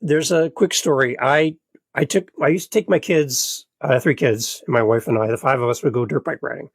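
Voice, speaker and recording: A middle-aged man, a podcast guest, telling a personal story in an animated, earnest, motivational way. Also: mid-range voice, moderate pace, husky, no room sound. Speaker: podcast guest and show host. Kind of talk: conversational storytelling.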